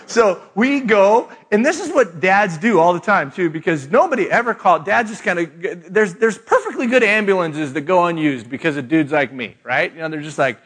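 A middle-aged man with a fairly high, lightly raised voice tells a family story to a live crowd. He jokes at his own expense and chuckles along the way, in a loose, humorous retreat-talk manner. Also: lively intonation, brisk, a bit bright. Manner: storytelling with self-mocking jokes, laughing. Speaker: speaker.

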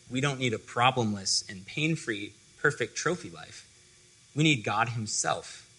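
A man's voice: medium pitch, pushed and bright, slightly rough, poor audio. A young man giving a casual, conversational sermon to a student fellowship, full of "like" and loose asides. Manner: conversational, filler-heavy with frequent "like".

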